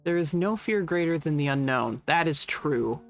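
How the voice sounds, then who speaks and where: A woman game streamer talks through her play in a fairly low voice, wry and a little sweary, reading the game's text aloud as she goes. Faint game music sits quietly behind her. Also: animated, moderate pace. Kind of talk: casual gameplay commentary.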